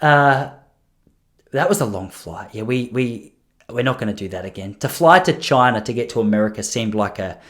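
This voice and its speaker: A man's voice: mid-range voice, lively intonation, normal speed, fairly bright tone. A man in his thirties hosting a podcast, rambling through stories with self-deprecating jokes. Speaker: podcast host. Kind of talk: casual comedic solo podcast monologue.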